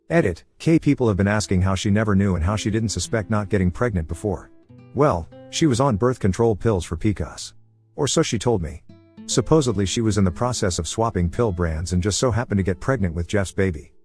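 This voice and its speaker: A man reading an online story aloud in a casual first-person way, over soft guitar music. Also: lowish voice. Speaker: story narrator. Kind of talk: reading a reddit post aloud.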